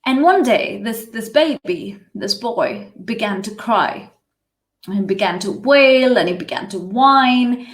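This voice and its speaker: Woman storyteller, higher voice, slow and measured, echoey room. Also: expressive. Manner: measured, with restarts and asides. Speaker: spiritual teacher. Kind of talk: storytelling in a live session. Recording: roomy echo.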